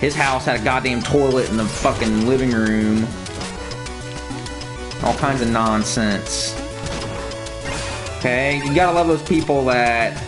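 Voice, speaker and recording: A man ranting to his viewers in casual, profane talk, telling stories with mocking impressions. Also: a little high. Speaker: streamer. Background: video game music.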